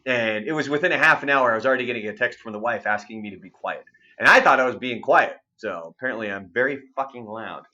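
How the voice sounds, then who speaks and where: A man's voice: mid-range voice, fast, highs cut off. A man in his thirties hosting a radio show's online segment, chatting casually and animatedly, with frequent swearing. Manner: animated, swearing, acts out quotes. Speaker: radio show host. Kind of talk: casual storytelling chat.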